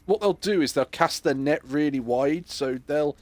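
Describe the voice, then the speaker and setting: A man chatting casually while he streams a game, telling jokey stories in an animated way and mimicking other people's voices. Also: fairly high pitch, normal speed. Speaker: gaming streamer. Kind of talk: casual chat while playing.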